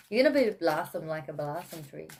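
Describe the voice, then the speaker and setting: A woman's voice: low voice, moderate pace, a little mellow. A woman with an English accent giving a casual, chatty tarot reading, with many fillers and frequent laughs. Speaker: tarot reader.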